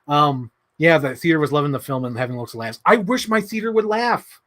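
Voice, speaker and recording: A young man hosting a casual livestream, excitable and quick to laugh, swearing as he talks about movies. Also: fairly high pitch. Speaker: livestream host.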